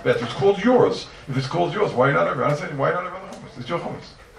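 Gravelly teacher, fast questions, echoey room. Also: male voice, on the high side. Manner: animated, fires rhetorical questions at students. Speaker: Talmud teacher. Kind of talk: yeshiva-style Talmud class. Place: classroom with students. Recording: roomy, distant mic, noisy ambience.

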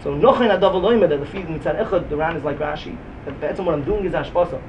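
A high-pitched, fast-talking man delivers a Talmud lecture in yeshiva fashion, animated and sing-song in classic talmudic cadence. The recording is dull, with a distant mic and faint room noise.

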